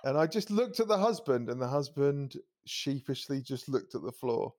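A man's voice: mid-range voice, moderate pace. A man, telling a story on a casual podcast, swearing and acting out the people he quotes. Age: 30s. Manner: animated, swearing, acts out quoted voices, laughs often. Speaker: podcast co-host.

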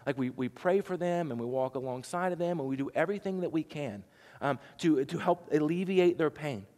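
A man's voice: fairly high pitch, fairly quick, warm tone, in a large hall. A man preaching a sermon, talking conversationally and asking the congregation rhetorical questions. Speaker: pastor.

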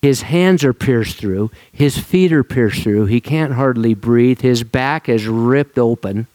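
A male pastor giving a relaxed, conversational sermon to his congregation. He talks informally with frequent restarts and laughs. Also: mid-range voice, slow pace, no echo.

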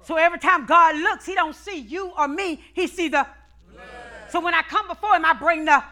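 A woman preaching a fervent call-and-response sermon, repeating phrases and swinging between hushed tones and shouts. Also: very high voice, fairly quick.

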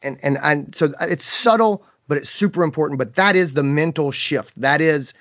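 A man's voice: fairly high pitch, normal speed, fairly bright tone, no echo. A man hosting a podcast in casual chat, acting out scenes with playful exaggeration. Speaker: podcast host.

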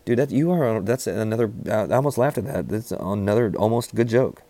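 A man in rambling, deadpan comedic banter, riffing with frequent restarts. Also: lowish voice, fairly quick.

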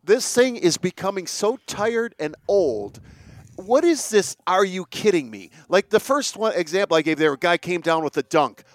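A man's voice: high voice, lively intonation, moderate pace, no room sound. Exasperated man ranting on a podcast. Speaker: podcast host. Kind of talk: casual sports chat.

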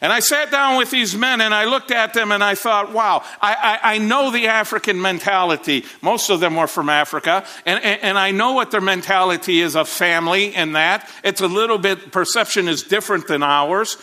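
A man's voice: high-pitched, normal speed, hardly any pauses, sharp tone. A man preaching a sermon, telling a story with rising animation and frequent restarts. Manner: repeats words, frequent restarts.

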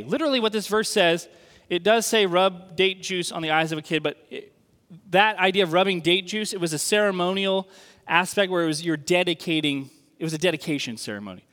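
A man's voice: high voice, sharp tone. A man preaching a sermon to a room of people, talking in a loose, conversational way and checking in with them often. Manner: conversational, checks in with the audience with frequent "okay?". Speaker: pastor. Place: church hall with an audience. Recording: reverberant hall.

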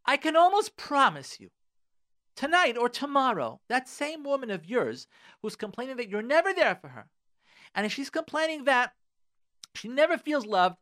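A man's voice: sits high, wildly swooping pitch, moderate pace, fairly bright tone, dry recording, studio quality. A man, a rabbi, giving earnest, direct marriage advice on a radio talk show and repeating phrases for emphasis.

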